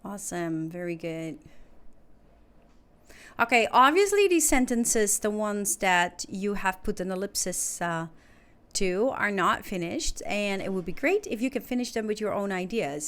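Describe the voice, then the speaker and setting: Patient woman teaching English. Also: medium pitch. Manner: clear, patient, explaining step by step. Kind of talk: recorded online lesson.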